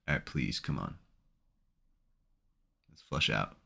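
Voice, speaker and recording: A man's voice: extremely low pitch, takes it slowly, creaky, bright, forceful tone, breathy edge. A man giving live commentary on his own trades, talking to himself in an anxious, emotional way. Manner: anxious, emotional self-talk. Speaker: day trader streaming his trading.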